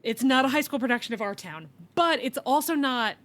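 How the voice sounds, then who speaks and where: A woman's voice: high-pitched, lively intonation, a little fast, a bit bright. Tired, wry woman podcast host. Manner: wry, rambling, with sighs and laughs. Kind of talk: casual chat.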